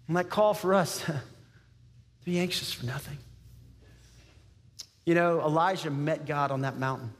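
A man preaching with a high-pitched voice that carries through a reverberant church hall. He talks in an animated, conversational way, dropping frequent asides to his listeners. He grew up in Texas. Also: unhurried, pauses often. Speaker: pastor. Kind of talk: sermon.

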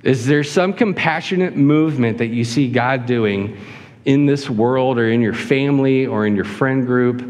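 A man delivers an earnest sermon, stacking rhetorical questions one after another. His voice sits at an ordinary middle pitch. It carries a long reverb, as if it fills a large sanctuary. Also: unhurried, a little mellow. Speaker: pastor. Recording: hall reverb.

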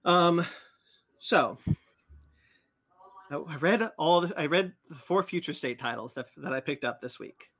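A man's voice: fairly high pitch, a little slow, long pauses, a bit bright. A man hosting a casual podcast chat, rambling with many fillers and restarts. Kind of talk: casual chat about comics and cartoons.

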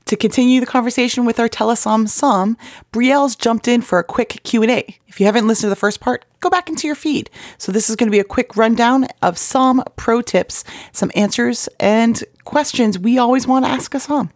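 A woman hosting a podcast, introducing the episode and asking quick questions. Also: a little high, dry recording, clean studio sound. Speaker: podcast host.

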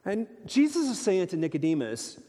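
Male preacher, high, very expressive voice, emphatic sermon delivery, long hall reverb. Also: normal speed. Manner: animated, emphatic preaching with rhetorical questions. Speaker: pastor.

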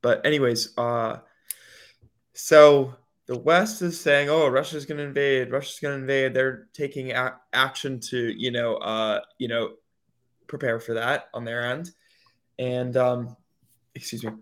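Male podcast co-host, loose rambling talker, mid-range pitch, mocking quoted voices. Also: steady tone, slow pace, a bit bright. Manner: rambling, many fillers, mimics others in mocking quoted voices. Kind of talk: casual chat.

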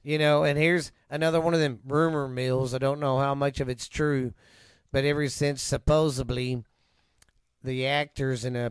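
A man's voice: mid-range voice, clear, resonant tone, no room sound, clean studio sound. A middle-aged man with a Texan accent, co-hosting a casual podcast, ranting and swearing heavily. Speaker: podcast co-host. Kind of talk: casual profane chat.

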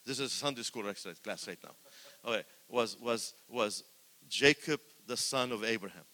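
Older male preacher, bright voice, echoing hall. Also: medium pitch, normal speed. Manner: emphatic, swinging from loud exclamations to quiet asides, with repetitions. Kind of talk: sermon.

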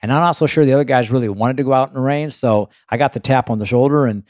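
A man who drives race cars, casually telling a lively story in his own voice and filling it with "you know" and "uh". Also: mid-range voice, fast talker, no echo, clean studio sound. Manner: animated anecdote-telling with frequent fillers. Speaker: race car driver guest.

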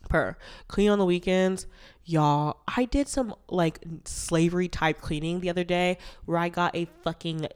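A young woman hosts her own podcast solo, talking candidly and playfully. Her voice sits a bit low for a woman. A stuffy nose from allergies colors her speech. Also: moderate pace, clean tone. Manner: chatty, candid and playful, with bursts of loud laughter and sung lines. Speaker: podcast host. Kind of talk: casual solo podcast chat.

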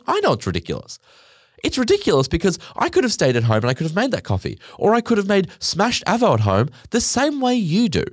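A man rants sarcastically through a comedic podcast monologue, swearing freely. His pitch leaps high and drops low as he mocks people. The recording is dry and close, with no room sound. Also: a little fast, no room sound. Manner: sarcastic, profane, animated swings in pitch. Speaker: podcast host.

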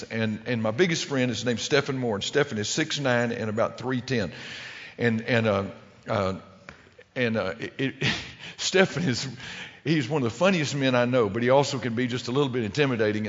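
A middle-aged man telling a humorous story to a live audience, rambling and restarting his sentences often. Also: medium pitch. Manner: rambling, with many restarts and stumbles. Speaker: public speaker telling a story. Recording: lo-fi recording with long hall reverb.

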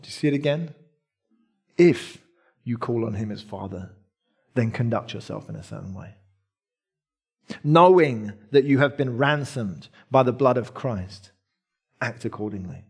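A man's voice: medium pitch, lively intonation, unhurried, vocal fry, long pauses, husky. A man in his thirties preaching a sermon as pastor, earnest and emphatic, repeating key phrases.

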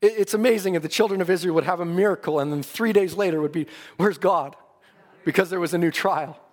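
High-voiced preacher in a reverberant hall. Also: male voice, fast. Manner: earnest preaching, rising and falling in emphasis. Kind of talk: sermon.

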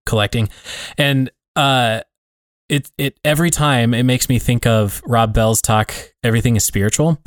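A man with a medium-pitched, steady voice co-hosts a podcast, speaking at a normal speed in a reflective, rambling way packed with fillers. The casual conversation is recorded cleanly in a studio with no room sound.

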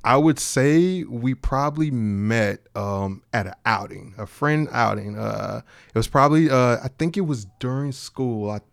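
Smooth-voiced, easygoing male podcast guest. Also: medium pitch, no room sound, studio quality. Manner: easygoing, halting, many fillers and laughs. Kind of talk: casual chat.

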